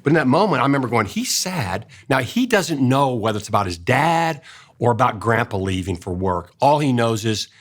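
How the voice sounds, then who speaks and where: An older man with a drawl tells an earnest personal story at an easy pace. His voice is husky, at a medium pitch. When he quotes his own tender words, he drops to a soft hush. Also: big pitch swings, moderate pace. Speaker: speaker telling a personal story. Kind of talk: casual storytelling in a faith-based talk.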